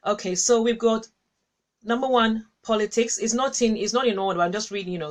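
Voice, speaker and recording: A woman's voice: medium pitch, brisk. A woman hosting a casual Christian livestream, chatting with viewers, reading their comments aloud and laughing often. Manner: warm, chatty, laughs often, repeats herself. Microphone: webcam or phone with a cable.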